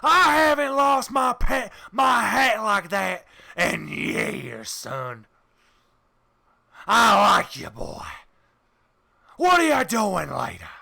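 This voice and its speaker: A man's voice: high-pitched, big pitch swings, takes it slowly, gravelly, long pauses, sharp tone, pitched above the performer's own voice, heavily acted. A man voicing a boisterous male Texan gambler in a cowboy hat who hollers and calls people son. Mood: jovial.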